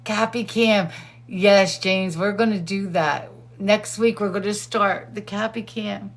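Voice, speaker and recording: A middle-aged woman hosting a show, chatting casually and excitedly, laughing often. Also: fairly low pitch, a little slow. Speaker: host. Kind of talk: casual chat.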